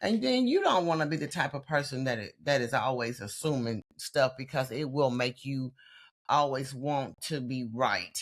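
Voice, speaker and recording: Lively-voiced reflective podcast co-host. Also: medium pitch, moderate pace. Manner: reflective, builds points step by step, many backchannels. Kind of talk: casual chat.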